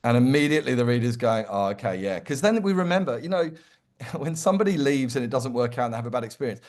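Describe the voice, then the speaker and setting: A man speaking as an interview guest, giving practical advice with energy and emphasis. He slips into little acted-out quotes to make his points. His voice sits at an ordinary pitch for a man. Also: fast talker. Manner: animated, emphatic, acts out quoted lines. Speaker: employer brand consultant, guest. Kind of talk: conversational interview answer.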